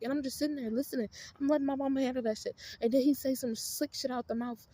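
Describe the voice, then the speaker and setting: A woman's voice: high voice, fairly even intonation, fast talker, mellow. A woman vlogger heatedly retelling a family fight in a profane, emphatic storytime rant.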